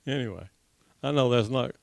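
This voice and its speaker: A man teaching a congregation class, telling a folksy joke with laughs and loud acted-out gunshots, then leading a prayer. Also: mid-range voice, creaky, no echo. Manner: jokey storyteller who laughs at his own tale, acts out shots loudly.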